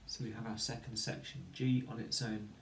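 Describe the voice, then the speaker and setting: A primary school teacher with a lowish, level voice leads a children's phonics lesson at a fairly quick pace, counting to three and sounding out letters one by one. He mentions having hay fever, and the recording is roomy with slight background noise.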